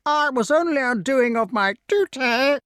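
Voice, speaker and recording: A screeching, whining crow, pitched far above a normal voice. It sounds loud and shrill, and the recording is dry. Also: male voice, animated, measured pace, clear, resonant tone, no echo, exaggerated voice. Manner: shrieking, whining. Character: shrill, tattling pet crow. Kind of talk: audiobook character voice.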